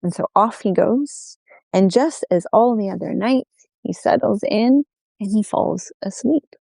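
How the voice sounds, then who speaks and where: A woman telling a folk tale aloud, unhurried, repeating phrases in an oral style. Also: mid-range voice, animated, gravelly, warm tone, no echo. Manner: unhurried, with many repetitions. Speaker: storyteller.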